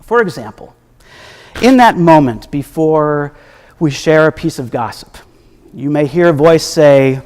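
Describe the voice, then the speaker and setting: A man's voice: a little high, animated, unhurried. Reflective male minister in an echoey hall. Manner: reflective, gently humorous, soft at times. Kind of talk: sermon. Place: church sanctuary. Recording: echoey hall with long reverb.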